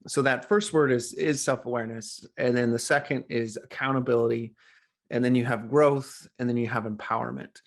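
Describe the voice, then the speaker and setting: A middle-aged coach, appearing as a guest on a podcast, tells a story in an animated, lively way, acting out the voices he quotes in this casual storytelling interview. His voice is mid-range and his pace moderate.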